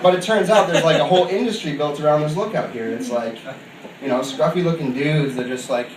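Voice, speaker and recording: A young man from upstate New York doing a stand-up comedy set, telling a loose, rambling story full of fillers and breaking into quick voices for the people in it. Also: fairly high pitch, background noise. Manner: acts out other people in quick put-on voices. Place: comedy club stage. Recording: roomy club sound from a distant mic, audible ambience. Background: crowd laughter.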